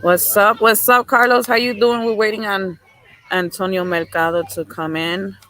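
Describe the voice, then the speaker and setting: A bright, crisp-toned woman hosts a casual live stream from outdoors by a lake, talking into her phone. She is chatty and upbeat and keeps greeting viewers by name. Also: mid-range voice, little pitch movement, moderate pace, slight background noise, rough recording. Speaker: live show host.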